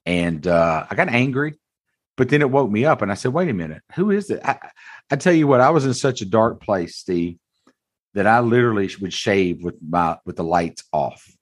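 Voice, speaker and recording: Man, 40s, dealership owner. Deep, husky, candid storyteller. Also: lively intonation, moderate pace. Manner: earnest, blunt, folksy, calls host brother. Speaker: car dealership owner, interview guest.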